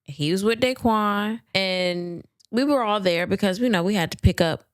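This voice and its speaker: A woman's voice: mid-range voice, normal speed, dry recording, studio quality, natural voice. A woman voicing a woman suspect who tells a made-up story to detectives in an offhand, storytelling way.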